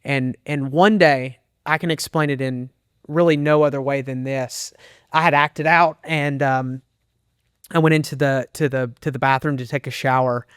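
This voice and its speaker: A man's voice: mid-range voice, steady tone, a bit bright, clear, resonant tone, dry recording, studio quality. A middle-aged man, an associate pastor, earnestly telling a candid personal testimony in an interview. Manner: earnest, candid storytelling with emotional pauses. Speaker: associate pastor and men's minister.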